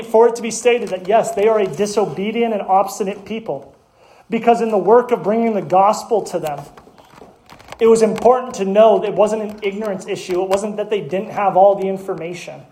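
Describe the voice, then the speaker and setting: High-voiced preacher in an echoey room. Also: male voice, fairly quick, warm tone. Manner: earnest, conversational preaching with restarts. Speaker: pastor. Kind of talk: sermon.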